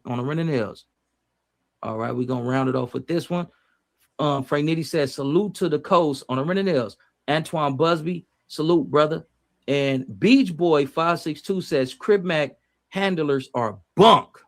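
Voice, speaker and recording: A man hosting a music reaction livestream, reading viewer comments in slangy casual chat and sometimes breaking into loud, excited rants. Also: on the high side, no echo. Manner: slangy, repetitive, shouts at times.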